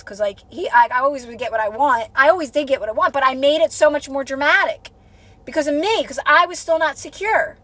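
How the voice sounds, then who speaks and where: An earnest woman coaches her viewers on a live phone stream. Her voice sits high and bright. The sound is close and dry, and she keeps checking in with listeners as she repeats her point. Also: brisk, dry recording. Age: adult with a child. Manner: earnest, repetitive, coaching with frequent "right?". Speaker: manifestation coach. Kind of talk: casual live-stream talk.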